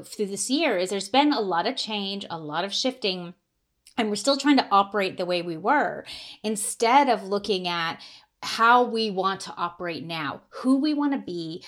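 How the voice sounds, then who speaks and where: A woman coach talking as a podcast guest. She speaks with conviction and stretches out key words for emphasis. Her voice sits at a middle pitch for a woman. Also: a bit bright. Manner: emphatic, deliberate, slows down to stress key points. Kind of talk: casual conversation.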